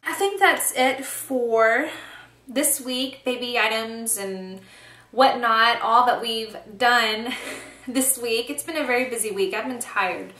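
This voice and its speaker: Slow-paced and on the high side, her voice sounds pushed and bright, with a roomy quality. It's a pregnant woman's casual vlog chat, shot on a handheld camcorder in a small home nursery and full of ums and little laughs.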